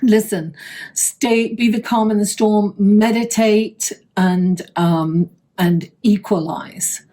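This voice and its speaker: A woman with a mellow, warm tone talks through a weekly horoscope and tarot reading. She rambles freely into chatty stories, laughs often and slips into soft reassurance. Her pitch sits in an ordinary middle range. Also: fairly even intonation, slow pace. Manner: gentle, encouraging advice to viewers. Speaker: astrology and tarot channel host. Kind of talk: casual horoscope reading to camera.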